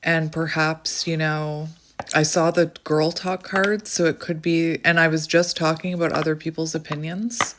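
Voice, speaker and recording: Woman, lowish voice, breathless, rambling tarot reader, faint hiss behind. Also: level tone, moderate pace. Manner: musing, rambling, filler-heavy. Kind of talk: casual spoken tarot reading.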